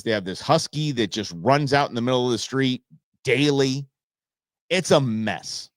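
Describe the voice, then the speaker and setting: In a clean studio recording without echo, this man's mid-range voice carries a live-stream tale. Having grown up in Southern California and Arizona, he rambles through an animated neighborhood anecdote peppered with folksy idioms.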